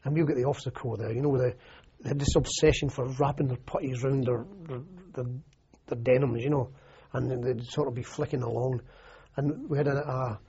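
A man's voice: mid-range voice, fairly even intonation, fairly quick, dark tone. An older Scottish man, an army veteran, recalling his service in a rambling, anecdotal oral history interview full of "you know" and restarts. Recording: muffled lo-fi recording.

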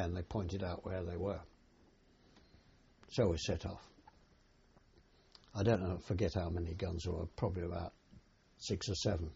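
Older man with gravelly husky voice. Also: low-pitched, little pitch movement, warm tone. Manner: plain unhurried storytelling with hesitations. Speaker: war veteran recalling service. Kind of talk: oral history recollection. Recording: dull lo-fi recording.

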